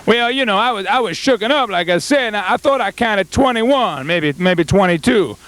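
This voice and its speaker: A man's voice: sits high, expressive, normal speed, a bit bright, no room sound. A man playing a boastful rural farmer in a comedy sketch, rambling and stumbling over his words. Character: boastful rural male farmer, middle-aged, folksy.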